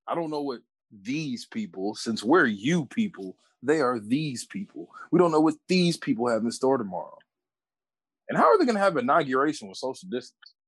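A man co-hosts a casual podcast, laid-back and joking as he rambles through his points. His voice is mid-pitched and dry. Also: very animated, a little fast, fairly bright tone, breathy edge, dry recording. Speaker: podcast co-host.

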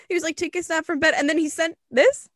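A young woman co-hosting a podcast, telling a story in a casual, animated way, laughing and swearing often. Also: extremely high pitch, brisk, dry recording. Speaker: podcast co-host.

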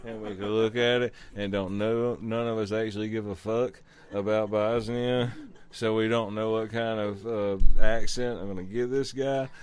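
A man's voice: on the low side, steady tone, normal speed, darkish tone, smooth. A man hosting a comedy talk show, reading out strange news stories and riffing on them with profane asides. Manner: profane, riffing asides between read-out headlines.

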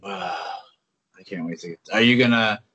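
Man, slightly low voice, podcast co-host, casual chatty talk. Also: moderate pace, a bit bright, breathy edge, muffled recording. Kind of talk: casual chat.

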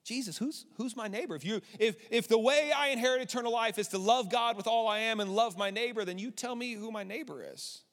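A man's voice: very high voice, fairly quick, few pauses, fairly bright tone. A man in his thirties preaching a sermon as pastor, candid and conversational, building to emphatic passages. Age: 30s. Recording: long hall reverb.

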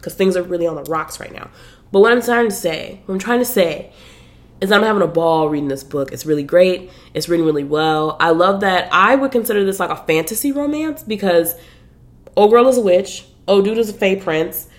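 A woman's voice: fairly low pitch, fairly quick. Chatty woman podcaster, slangy and casual. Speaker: podcast host. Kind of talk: casual chat about books.

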